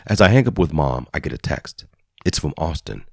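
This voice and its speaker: Brief: man with an extremely low voice, steady first-person audiobook narration, dry studio read. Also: normal speed, vocal fry, dry recording.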